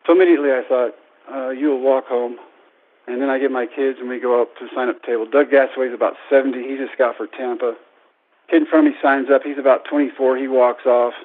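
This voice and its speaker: A man in his thirties, a baseball coach, telling a lively personal story to an audience and acting out the voices in it. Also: mid-range voice, quick pace. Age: 30s. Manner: animated, acts out quoted voices. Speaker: baseball coach and public speaker. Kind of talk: storytelling speech. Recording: tinny phone-like radio broadcast.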